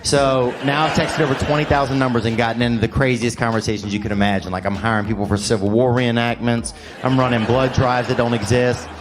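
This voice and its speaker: A man's voice: mid-range voice, level tone, fast talker, few pauses, background noise. A man doing stand-up comedy, telling a rambling story with a wry delivery.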